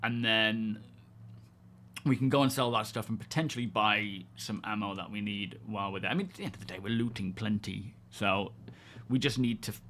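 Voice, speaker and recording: A man's voice: lowish voice, a bit bright, a little hiss or hum. A man hosting a casual gaming livestream, greeting viewers and thinking aloud as he plays. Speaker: livestream host.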